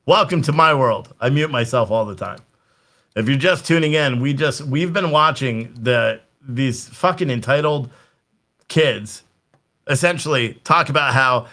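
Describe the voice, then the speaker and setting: A livestream political commentator rants casually and profanely, chatting straight to viewers in the chat. His mid-range voice is unhurried, pushed, and bright.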